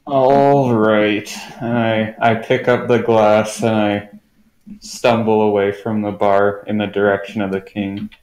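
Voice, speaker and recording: A man playing in a tabletop game, talking in an unhurried way. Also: on the low side, flat delivery, darkish tone, reverberant, rough recording. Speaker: player. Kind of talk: casual tabletop play.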